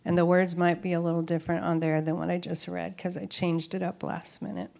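A woman's voice: lowish voice, gravelly. A woman giving an informal Bible teaching to a group, talking in an earnest, reflective, conversational way. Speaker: Bible study speaker. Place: room with tables of women listeners.

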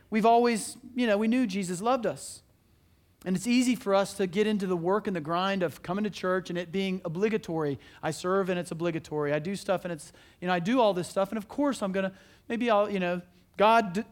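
A man preaching a sermon as pastor, earnest and conversational, asking his listeners questions and restarting his sentences often. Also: sits high.

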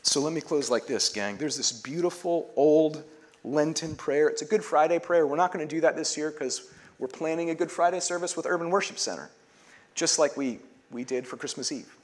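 A man's voice: fairly high pitch, moderate pace. A man preaching a sermon as pastor, earnest, leading a call-and-response prayer and dropping to near-whispers to stress a point.

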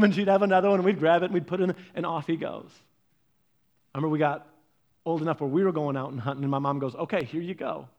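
Man, storytelling talk, animated, quotes his parents in voices, slightly higher voice. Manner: animated storytelling, acting out his parents' lines, often lively and raised. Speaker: speaker giving a faith and parenting talk.

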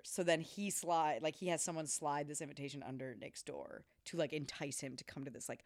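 A woman's voice: low voice, fairly even intonation, a little fast, no room sound, studio quality. Casual young woman recapping a movie. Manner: rambling, filler-heavy retelling with acted-out quotes; casual swearing.

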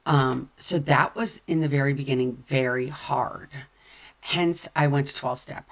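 A woman's voice: rumbling low, unhurried. A middle-aged woman speaking candidly and conversationally about her own recovery, often repeating phrases for emphasis. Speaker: sober-living speaker. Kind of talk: personal recovery talk.

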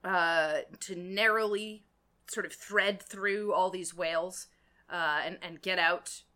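A woman co-hosting a casual book discussion, recapping with hesitant pauses and fillers. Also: on the low side, fairly even intonation, bright, forceful tone. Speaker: podcast co-host discussing a novel.

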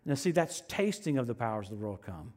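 A man preaching a sermon, telling personal stories with animated swings from loud proclamations to hushed asides. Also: medium pitch, fairly quick. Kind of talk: sermon with storytelling.

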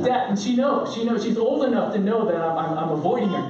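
A man in his thirties preaching a sermon, telling family stories with lively, animated delivery and playful impressions of his kids. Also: high-pitched, fairly quick, hardly any pauses, crowd noise. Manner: animated storytelling, acting out his kids' shouts. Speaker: pastor. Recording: roomy, distant, dull sound with faint room noise.

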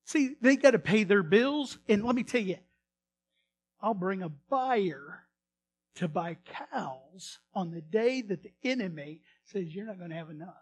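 Animated high-voiced pastor. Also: male voice, slow pace. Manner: animated, swings from loud to hushed. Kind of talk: storytelling sermon.

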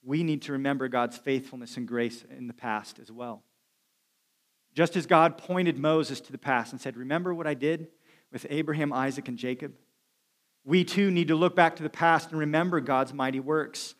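A male pastor preaching a sermon earnestly, slowing and dropping quiet to stress key lines. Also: medium pitch. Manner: earnest preaching, slows and drops quiet for emphasis.

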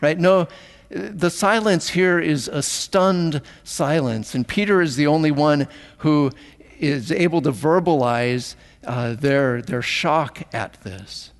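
Male pastor, slightly high voice, emphatic sermon delivery, long reverberant hall. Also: takes it slowly. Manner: animated preaching with emphatic repetition.

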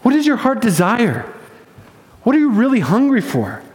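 A man voicing Jesus, asking soft, probing questions in a gentle manner. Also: very high voice, huge pitch swings, normal speed, full character voice. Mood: tender. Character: Jesus, gentle, searching, tender. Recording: echoey hall with long reverb.

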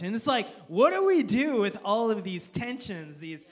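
A man's voice: sits high, big pitch swings, normal speed. A man preaching a humorous sermon to a live audience, joking and asking the crowd for applause and amens. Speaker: pastor. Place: church auditorium with live audience.

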